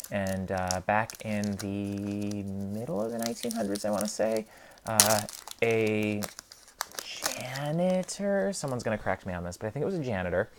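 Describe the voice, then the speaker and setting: A man's voice: fairly low pitch, background noise. A man hosting a card unboxing, telling a long story casually with lots of hedging and ums. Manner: meandering, hedging, many ums and restarts. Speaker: card unboxing channel host. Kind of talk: casual rambling storytelling while unboxing cards.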